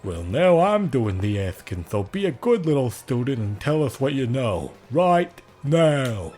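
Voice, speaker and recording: A man acts out a pompous villain commander for a game playthrough, slow and deliberate in his bossing. His sneering threats swing widely up and down in pitch, savouring every insult. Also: sing-song, a little mellow. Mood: menacing. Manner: bossy, sneering, drawn-out threats.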